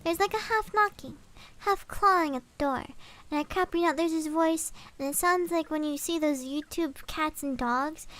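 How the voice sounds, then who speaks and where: A woman's voice: high voice, moderate pace, a bit bright. A woman streamer casually reading a scary story aloud, swapping swear words for milder ones and breaking off for chatty asides.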